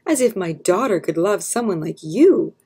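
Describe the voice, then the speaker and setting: Woman voicing angry old senator, shouting, snarling, husky, children's storybook. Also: mid-range voice, lively intonation, moderate pace. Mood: scornful.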